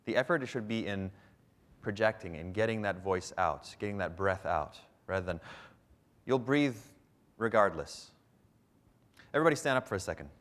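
A man from Canada, teaching public speaking to a live audience in an animated, hands-on workshop. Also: on the low side, moderate pace, pauses often.

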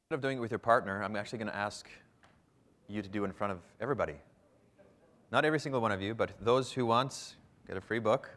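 Male workshop trainer, slightly low voice, emphatic instructional delivery to a live group. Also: fast talker, pauses often, a bit bright. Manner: emphatic, varies pace to stress points. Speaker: public speaking trainer.

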